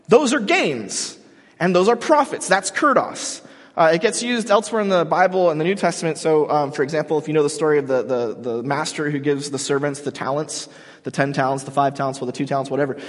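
A man's voice: on the high side, lively intonation, normal speed. A man preaching a sermon in a casual, joking, storytelling way, as the pastor of the congregation. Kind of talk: conversational sermon. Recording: long hall reverb.

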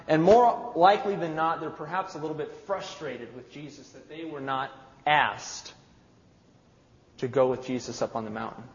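A man preaches a sermon, retelling a scene through vivid, dramatic storytelling. His voice sits fairly high for a man. It carries a long reverb from a large hall and sounds somewhat muffled. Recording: echoey hall, dull sound.

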